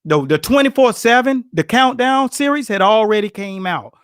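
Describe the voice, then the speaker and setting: A high-voiced man trades boxing stories in a casual chat, bouncing between his own voice and the voices of the people he quotes. The sound is dry and close, with no room around him. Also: moderate pace, smooth, dry recording. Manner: animated, slangy, acts out quotes with grunts and laughs. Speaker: boxing coach telling stories.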